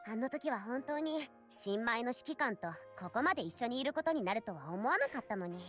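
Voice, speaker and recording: A woman's voice: a little high, animated, rapid-fire, a bit bright, faint music behind. A woman voicing a fond young female squadmate in a game, speaking in a wistful, lilting way. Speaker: game character. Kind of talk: anime game voice acting.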